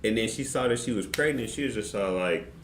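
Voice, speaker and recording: A man streamer telling a story in casual, slangy, animated fashion. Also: lowish voice, a little fast, creaky. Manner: animated, slangy, excitable retelling. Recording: roomy with faint background noise.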